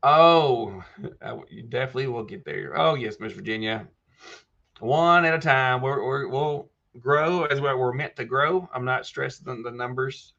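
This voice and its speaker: This livestream host talks at a measured pace in a mid-range voice that's gravelly, pushed and bright, with dull audio. In a casual live chat he reads viewers' questions aloud and answers them by name, folksy in manner.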